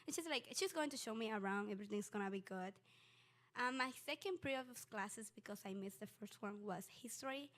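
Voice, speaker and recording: Halting young woman with a Spanish accent. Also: medium pitch, fairly bright tone. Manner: halting, with many fillers and restarts. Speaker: student storyteller. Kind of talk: personal story told on stage.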